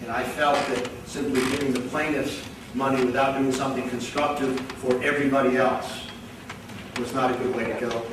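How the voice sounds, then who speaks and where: A man answering audience questions at a public talk, measured and explanatory. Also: mid-range voice, flat delivery. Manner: measured, explanatory, level delivery. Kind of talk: public lecture Q&A. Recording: echoey hall, distant mic, background noise.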